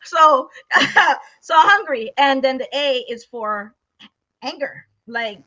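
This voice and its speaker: Woman guest, high and bright, laughing often, explains in lists; dull lo-fi recording. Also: expressive, slow. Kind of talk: casual chat. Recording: dull lo-fi sound.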